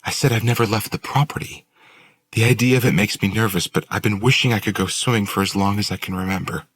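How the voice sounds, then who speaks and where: A man's voice: on the low side, fast talker, fairly bright tone, slightly rough, dry recording, voice pushed up. A man reading an audiobook and voicing a blunt, curious woman who possesses another's body, lifting his voice to play her. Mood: musing.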